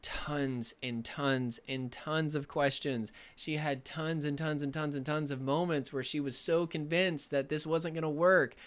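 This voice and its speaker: A man's voice: on the high side, fairly even intonation, unhurried, few pauses. A man coaching on trauma recovery, talking earnestly and emphatically to camera, often repeating himself. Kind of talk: motivational talk to camera.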